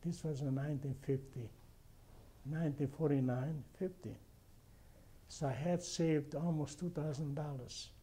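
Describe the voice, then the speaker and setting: Older man, non-native English speaker with a heavy accent, dark husky voice, halting oral-history telling. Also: on the high side, steady tone. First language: not English. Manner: halting, repeats himself, restarts often. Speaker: interviewee.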